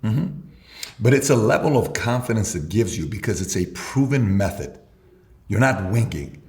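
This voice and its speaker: With a lowish, animated, slightly mellow voice at a moderate pace, an entrepreneur being interviewed tells stories and acts out both sides of each exchange. The sound is roomy and echoing.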